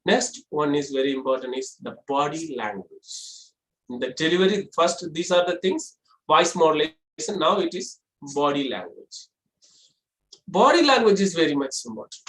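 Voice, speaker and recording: A public speaking trainer, lecturing to a class at a middle pitch. The trainer walks through each point in order, asking a rhetorical question and then answering it. The voice carries a roomy echo. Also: lively intonation, normal speed, fairly bright tone.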